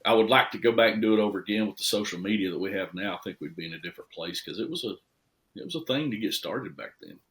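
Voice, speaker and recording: Guy in his middle years, lowish voice, rambly storyteller, keeps repeating himself. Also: fast. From Tennessee. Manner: rambling, repeats words, lively retelling. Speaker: guest, restoration shop owner. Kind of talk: casual storytelling chat.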